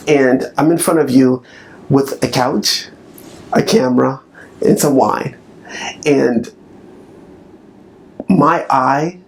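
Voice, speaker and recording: Speaking to camera, a man delivers a motivational pep talk that is emphatic and repetitive. His voice sits a little high and is gravelly with a darkish tone, over slight background noise.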